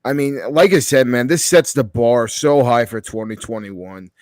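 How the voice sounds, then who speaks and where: A man's voice: mid-range voice, normal speed, a little mellow, dry recording. A man co-hosting a podcast, giving a profane, enthusiastic movie review in casual chat. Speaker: podcast co-host.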